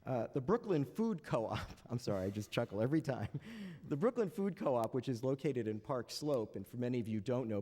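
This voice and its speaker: A man with a mellow, mid-range voice moderates a panel in a large lecture hall, and the recording rings with the room's reverb. He eases in with deadpan jokes, hesitating through plenty of "uh"s and tossing in wry comments along the way.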